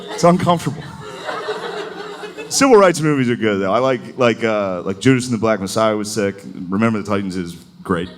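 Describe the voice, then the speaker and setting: A man in his thirties doing a live stand-up set, with a loose, rambling delivery full of "like"s and quick impressions. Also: mid-range voice, background noise. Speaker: stand-up comedian. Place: comedy venue with a laughing audience.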